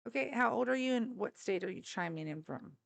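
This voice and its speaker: A woman's voice: on the high side, lively intonation, brisk, creaky. A woman hosting a casual political live stream indoors, talking bluntly and mocking viewers with plenty of swearing. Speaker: political livestream host. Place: indoors, a hot room. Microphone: live stream on a phone.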